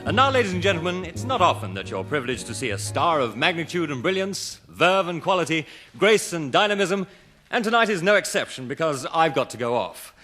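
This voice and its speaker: A man's voice: a little high, sing-song, brisk, bright, forceful tone. A man announcing a radio variety show, grand in tone with comic self-pity. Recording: 1970s radio broadcast with band music.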